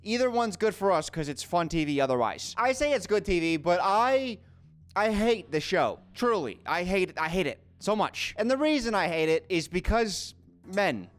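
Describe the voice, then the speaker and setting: A man's voice: sits high, sing-song, moderate pace. A man hosting a video, giving jokey, sarcastic commentary. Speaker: video host. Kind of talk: comedic commentary.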